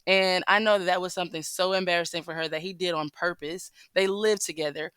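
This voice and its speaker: A woman's voice: fairly low pitch, fairly even intonation, a little fast, fairly bright tone, clear, resonant tone, no room sound. A woman giving casual relationship advice, telling a story in a chatty way straight to her viewers. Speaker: commentator.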